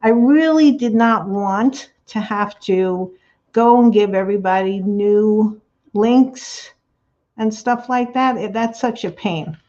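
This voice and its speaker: A woman's voice: medium pitch, takes it slowly, warm tone, dull audio. A woman chatting casually to her livestream viewers while she crafts, rambling and laughing often as she reads the chat. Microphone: laptop mic on a livestream.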